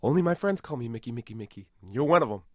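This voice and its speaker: A man's voice: mid-range voice, very fast, dry recording, clean studio sound, natural voice. A man doing a boastful tough-guy star. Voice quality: rambling, self-aggrandizing, deadpan absurd. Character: boastful tough-guy movie star impression, male adult. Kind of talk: improvised comedy podcast.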